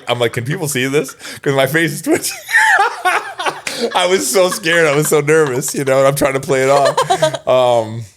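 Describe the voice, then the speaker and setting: With a voice on the low side, this fifty-something podcast guest gets lively as he shares stories in a relaxed interview, frequently laughing and circling back to repeat the same phrases.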